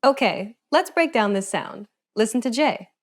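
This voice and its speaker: A woman narrating a scripted pronunciation lesson with clear, measured explanations. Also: on the high side, expressive. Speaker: pronunciation teacher.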